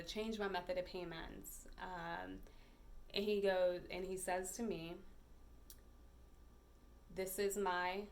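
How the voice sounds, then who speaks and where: Woman host, low-pitched and unhurried, reflective storytelling with fillers, faint noise behind. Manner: reflective, hesitant with many fillers. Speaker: podcast host. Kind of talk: personal storytelling.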